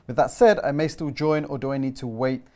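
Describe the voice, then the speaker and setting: A man's voice: medium pitch, fairly quick, dark tone. A man co-hosting a webinar, plainly reading out viewer questions and the names of new sign-ups.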